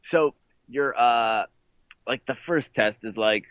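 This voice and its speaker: A man's voice: medium pitch, slow, fairly bright tone, dry recording, muffled recording. A man co-hosting a podcast, telling a story in casual chat, rambling with lots of fillers and laughing. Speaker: podcast co-host.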